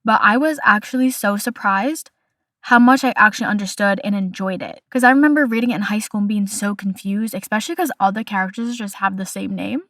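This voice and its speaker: A woman's voice: mid-range voice, fairly quick, a bit bright, no echo, clean studio sound. A young woman hosting a casual podcast, chatty and opinionated, delivering playful hot takes. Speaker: podcast host.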